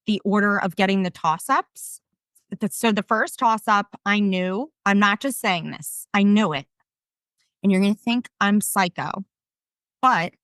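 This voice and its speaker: A woman in her thirties with a South Jersey accent, a podcast guest telling stories in an animated, self-deprecating way. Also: medium pitch, smooth, no room sound. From South Jersey, USA. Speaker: podcast guest, game show winner. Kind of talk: casual storytelling interview.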